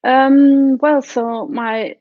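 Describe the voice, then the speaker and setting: A woman, a guest artist, calmly explaining her work in an interview over a video call. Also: high voice, extremely slow, dry recording. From Denmark. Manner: matter-of-fact, explanatory. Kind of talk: interview answers. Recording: dry, dull lo-fi call audio.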